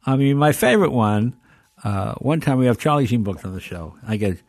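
A man's voice: mid-range voice, fairly quick, dry recording, clean studio sound. An older man, a guest in a casual talk, telling anecdotes and acting out the voices of people he quotes. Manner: animated, acts out quoted voices. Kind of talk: casual storytelling.

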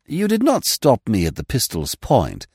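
Man doing a suave, languid young gentleman. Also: medium pitch, wildly swooping pitch, unhurried, husky, no room sound, studio quality, full character voice. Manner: urbane, elaborately polite, drily witty.

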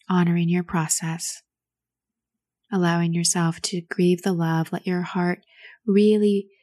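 Woman host, gravelly low-ish voice, soft and soothing, talks someone through grief. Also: no room sound. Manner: soft, soothing, slow and nurturing. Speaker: host giving advice to a caller. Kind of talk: gentle coaching on a call.

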